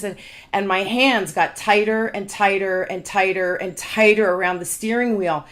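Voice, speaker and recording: A woman in her forties hosting a show, telling personal stories with lively acted-out dialogue. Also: mid-range voice, normal speed. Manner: animated storytelling, acts out quoted dialogue. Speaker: podcast host. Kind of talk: casual interview chat.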